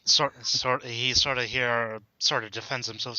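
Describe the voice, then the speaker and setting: Podcast co-host, male, reads comic dialogue with stammers; very bright tone, lo-fi dry sound. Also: mid-range voice, steady tone, normal speed, few pauses, no room sound. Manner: reads manga lines aloud with stammers and laughs. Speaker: podcast co-host reading the manga. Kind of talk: casual podcast chat.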